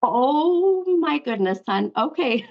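A woman's voice: high voice, very animated, slow, highs cut off. A woman hosting a psychic call-in show, giving an affectionate spirit reading and calling the caller hun. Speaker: psychic medium show host.

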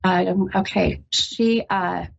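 Gravelly-voiced woman giving a gentle psychic reading. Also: fairly low pitch, steady tone. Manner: halting, full of ums, gentle and reassuring. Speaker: psychic medium host. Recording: dull lo-fi radio recording.

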